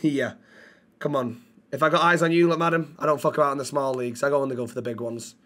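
A man's voice: medium pitch, fairly even intonation, quick pace, fairly bright tone. A man from Manchester with a Mancunian accent, teasing and swearing through casual in-character banter as a role-play streamer. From Manchester, England. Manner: cheeky, teasing, sweary, calls people love.

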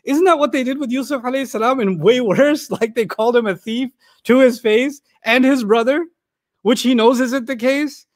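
A man's voice: very high-pitched, normal speed, no room sound, studio quality. A middle-aged man giving a Quran lecture, telling stories in a humorous, conversational way. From Pakistan. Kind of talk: storytelling sermon lecture.

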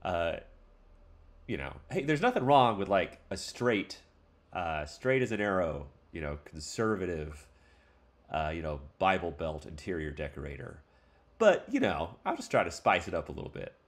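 Low-voiced man rambling through a tutorial. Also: very animated, moderate pace. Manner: loose and rambling, many fillers, playful asides. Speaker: tutorial host. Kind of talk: casual screen-recorded tutorial.

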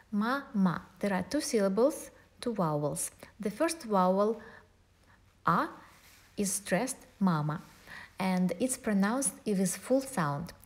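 Woman, Russian accent, mid-pitched voice, patient teacher walking through pronunciation step by step. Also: darkish tone. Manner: methodical, spells out and models pronunciations slowly. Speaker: language teacher. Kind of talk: online language lesson.

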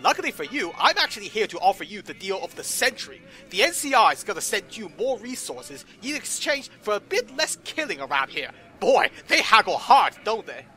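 A man with a high, bright voice riffs through gameplay in a sarcastic, foul-mouthed way, his pitch jumping all over as he reacts. Soft game music sits behind him. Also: very animated, brisk, hardly any pauses. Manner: sarcastic, profane, exasperated. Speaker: commentator voicing the player character. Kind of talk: comedic gameplay commentary.

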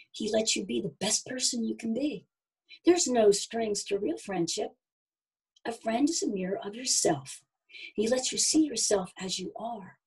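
A woman voicing a gentle young mother-to-be in a storybook, speaking softly and soothingly. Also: a little high, breathy edge, heavily acted, rough recording. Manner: soft, soothing reassurance. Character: gentle young expectant mother, calm and wise.

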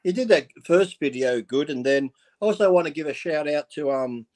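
A man's voice: a little high, lively intonation, normal speed, darkish tone. A man, a guest on a live stream, chatting bluntly and profanely as he tells stories and acts out quotes. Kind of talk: casual chat on a live stream.

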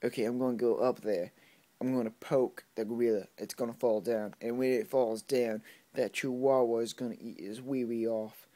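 A man's voice: medium pitch, fairly even intonation, moderate pace, mellow, natural voice. A man voicing a blunt animal patrol worker in a put-on Australian accent. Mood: matter-of-fact. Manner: blunt, matter-of-fact plan explaining.

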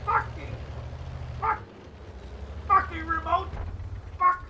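A man's voice: very high-pitched, fairly even intonation, takes it slowly, vocal fry, background noise, pitched above the performer's own voice, heavily acted. A man putting on his hot-tempered sixty-year-old father, who swears and barks at gadgets. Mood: swearing. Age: 60s. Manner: swearing, barking outbursts.

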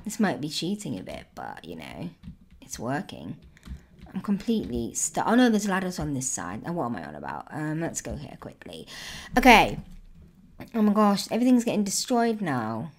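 A woman's voice: low-pitched, wildly swooping pitch, normal speed. A woman commenting on her own gameplay, exclaiming and squealing at every surprise. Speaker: gaming YouTuber. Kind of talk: excited let's-play commentary.

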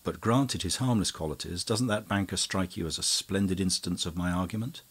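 A grandiose young schemer who declaims his views gravely, in a deep, husky voice, as an audiobook narrator puts him on. He is flamboyant and sly. This is a plain storybook reading. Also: fairly quick.

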